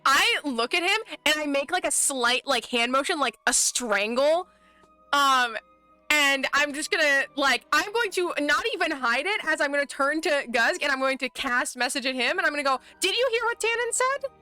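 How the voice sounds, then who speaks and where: Woman gamer, excitable, giggly, high voice, bright tone. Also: faint music behind. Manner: excitable, giggly, fast restarts. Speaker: tabletop game player. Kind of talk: casual tabletop game play.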